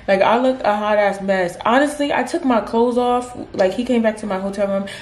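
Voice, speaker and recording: A woman in her twenties chatting casually in a vlog while she gets ready at home, with animated, slangy, dramatic storytelling. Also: medium pitch, brisk, a little hiss or hum. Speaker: vlogger. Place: at home doing makeup. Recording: roomy echo.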